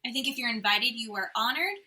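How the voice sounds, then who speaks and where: A woman with a slightly high voice talks fast over poor audio. Co-hosting a podcast, she recaps reality TV bluntly and casually, swearing freely and acting out what others said.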